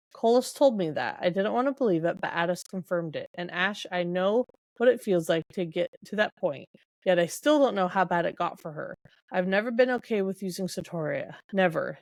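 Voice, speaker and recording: A woman's voice: fairly low pitch, vocal fry, dry recording. A woman reading the lines of a resolute young fantasy heroine in an earnest, determined way.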